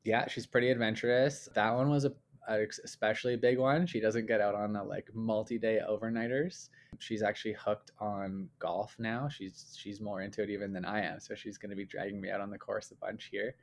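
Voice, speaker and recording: A man's voice: lowish voice, a little fast, a little hiss or hum. A young man from Canada, a guest chatting casually and telling stories with easy fillers. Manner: relaxed, chatty storytelling with frequent fillers. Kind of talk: casual conversational interview.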